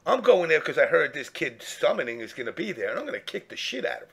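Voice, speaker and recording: A man telling a profane, animated story in casual chat, acting out the people he quotes. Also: fairly high pitch, fast talker, vocal fry, husky.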